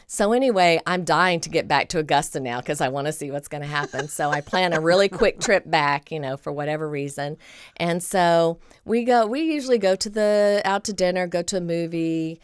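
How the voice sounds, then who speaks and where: Woman in her 60s telling stories on a podcast, kinda low voice, super dry sound, does all the voices. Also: a little fast, clean tone, no room sound. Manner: animated, acts out quoted voices and laughs often. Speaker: guest. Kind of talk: casual storytelling.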